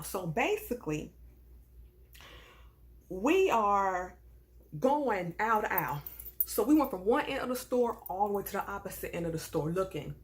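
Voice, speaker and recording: A young woman from the American South with a Southern accent, telling a personal story in a casual, animated and indignant way. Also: a little high. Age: young adult. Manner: animated, indignant, swings between hushed asides and raised outbursts.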